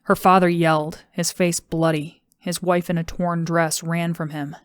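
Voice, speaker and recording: A woman reading an audiobook in a steady, even narration. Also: lowish voice, a little slow, clear, resonant tone, no echo. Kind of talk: scripted narration.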